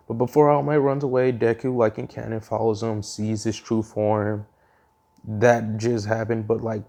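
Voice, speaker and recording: A man's voice: medium pitch, vocal fry, warm tone. A man casually retelling his own fan story, rambling with frequent ums and restarts.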